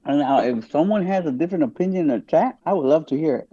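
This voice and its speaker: Mellow-voiced man arguing emphatically. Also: fairly high pitch, lively intonation, quick pace, lo-fi sound. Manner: emphatic, keeps asking "guess what". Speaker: podcast guest. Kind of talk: casual opinionated discussion.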